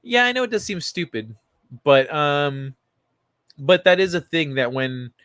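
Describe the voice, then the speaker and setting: A man's voice: on the high side, animated, a little slow, a bit bright, clean tone, no room sound. A man hosting a casual livestream, reading an article and chat messages aloud and chatting loosely with frequent fillers and the odd swear word. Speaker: livestream host.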